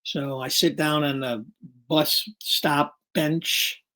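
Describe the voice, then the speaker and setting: A man's voice: fairly high pitch, slow. A man in his sixties, a weekly guest on a talk show, telling an anecdote in a casual way and acting out the people he quotes. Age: 60s. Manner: animated storyteller acting out quotes. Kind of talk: casual storytelling.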